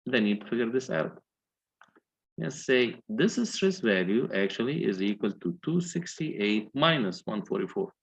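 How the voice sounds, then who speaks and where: A man with a fairly low, slightly rough voice lectures on engineering in an animated, unhurried way, heard through a muffled recording. Methodical, he solves calculations step by step while putting questions to the class.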